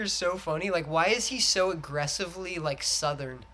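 Podcast co-host, man, bright voice, animated casual talk, acts out movie lines. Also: a little high, a little fast, hardly any pauses. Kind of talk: casual chat.

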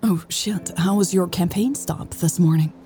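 A woman's voice: fairly low pitch, normal speed, mellow, soft background music, lightly acted. A woman reading an audiobook and voicing Louise, a wry, affectionate adult woman. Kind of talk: audiobook character voice.

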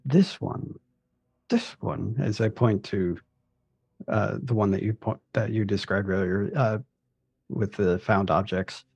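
Gravelly man playing a polite character. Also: on the low side, steady tone, measured pace, a little mellow, no echo. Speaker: player. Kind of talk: in-character tabletop role-play.

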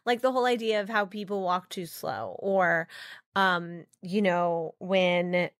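A woman on a podcast in casual chat, quick-witted and chiming in with jokes. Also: on the low side, steady tone, no room sound, clean studio sound. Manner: quick-witted, joking, chimes in often. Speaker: podcast guest.

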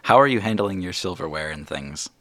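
A man running a tabletop role-playing game, narrating scenes and voicing characters in a relaxed way. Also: sits low, brisk, dry recording. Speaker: game master.

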